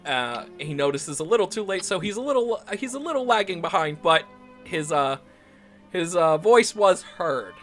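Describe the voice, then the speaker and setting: A man's voice: sits high, sing-song, normal speed, fairly bright tone. A man running a tabletop game, with a slightly raised voice that tumbles through restarts and fillers. Faint music plays under his narration. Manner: rambling, laughing, many ums and restarts. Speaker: game master.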